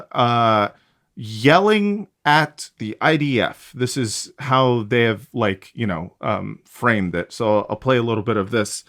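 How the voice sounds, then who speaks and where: A man in the middle of the pitch range co-hosts a podcast. He talks in a loose, sarcastic way and rambles with plenty of fillers. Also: a bit bright. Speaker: podcast co-host. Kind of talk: casual podcast chat.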